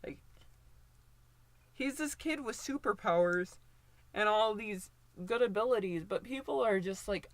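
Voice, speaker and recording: A woman's voice: medium pitch, measured pace, long pauses, no room sound. A woman in her twenties giving casual, opinionated commentary, rambling with lots of fillers and restarts. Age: 20s.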